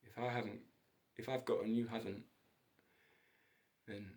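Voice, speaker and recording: A man runs a solo monologue on his own channel, joking around and wandering digressively between stories. He speaks at a moderate pace in a fairly low, slightly mellow voice with little pitch movement.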